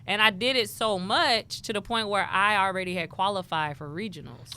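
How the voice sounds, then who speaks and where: A woman from Houston, a rapper and poet telling lively stories as an interview guest and acting out what people said. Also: medium pitch, moderate pace, clean tone. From Houston, Texas. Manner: animated storyteller who acts out quoted dialogue. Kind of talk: casual interview chat.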